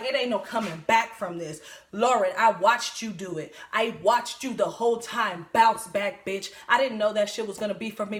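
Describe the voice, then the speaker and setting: A woman's voice: mid-range voice, fairly bright tone, reverberant. A woman giving casual recap commentary on a reality show, talking bluntly and profanely and laughing often.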